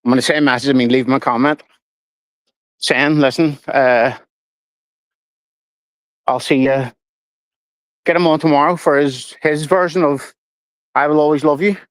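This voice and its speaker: A man's voice: a little high, steady tone, moderate pace, long pauses, no room sound, rough recording. Guy, middle-aged, sweary rambling stream chat, dry close sound. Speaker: livestream host. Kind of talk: casual livestream chat.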